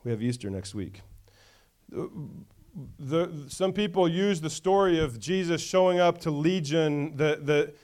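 A man's voice: fairly high pitch, lively intonation, a little slow, a little mellow. A male pastor preaching a conversational sermon, often checking in with the congregation.

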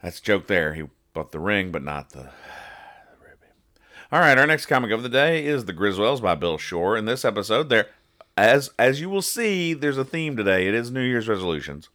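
A man's voice: fairly low pitch, big pitch swings, moderate pace, pushed and bright. A man hosting a casual podcast, rambling, joking and explaining each punchline. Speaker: podcast host reading comics. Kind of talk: casual comedic podcast chat.

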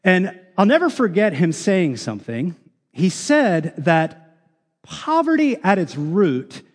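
A man, a pastor, preaching a sermon, earnestly reading out scripture verses with frequent ums. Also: fairly high pitch. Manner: earnest, reads scripture aloud with many ums. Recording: long reverb of a large hall.

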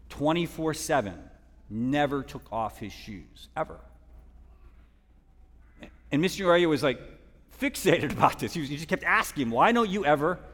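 A man preaching a sermon as a guest speaker, telling a story in a dynamic way that drops to hushed tones and rises for emphasis. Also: mid-range voice, in a large hall. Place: church hall.

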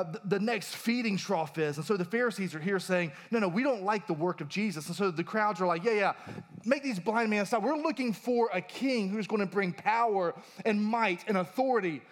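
A man with a high, bright-sounding voice delivers a Sunday sermon in a church. He moves between explanation and acted-out quotes, talking lively and direct to the congregation. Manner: animated, acts out quoted voices. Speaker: pastor.

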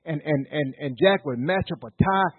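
A middle-aged pastor from Virginia preaches a sermon, telling folksy stories with stammered restarts and building into rising, rhythmic repeated phrases. His voice is on the high side with a breathy edge and moderate pace. The recording is dry, with a tinny, phone-like sound.

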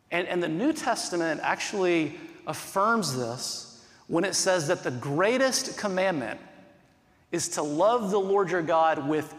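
A man's voice: sits high, long reverb tail. A male pastor preaching a sermon in an earnest, conversational way, asking many rhetorical questions.

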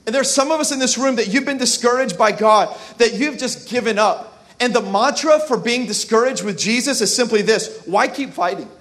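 A man's voice: extremely high pitch, normal speed, fairly bright tone. A male pastor giving an impassioned sermon, calling out to the congregation to repeat words and answer back. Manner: impassioned preaching with call-and-response.

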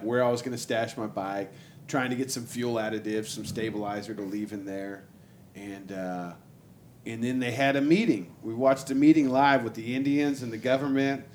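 A man telling a long road-trip story in casual, profane chat, jumping into higher voices to act out what people said. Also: slight background noise. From Texas. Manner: animated, acts out quotes in a raised voice, lots of "like" and swearing. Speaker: storyteller guest.

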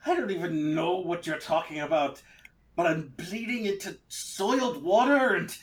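Bitter wounded prisoner, exhausted and fed up, put on by a man, pitched up. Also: normal speed, close to an everyday voice. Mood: weary. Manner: exasperated, weary complaining.

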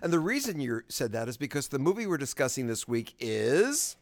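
A man's voice: mid-range voice, big pitch swings, brisk, no room sound, studio quality. A man co-hosting a podcast in casual chat, joking and rambling as he reads a listener's email. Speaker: podcast co-host.

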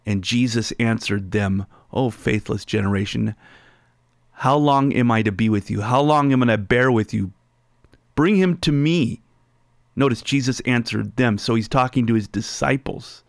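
A man's voice: medium pitch, moderate pace, creaky, no echo, clean studio sound. A man preaching a sermon, reading scripture aloud and explaining it line by line. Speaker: pastor.

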